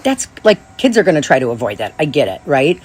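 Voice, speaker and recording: Husky-voiced woman telling a rambling story. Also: very deep voice, fairly quick. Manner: rambling, animated, many restarts and asides. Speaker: podcast host. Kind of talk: casual storytelling monologue.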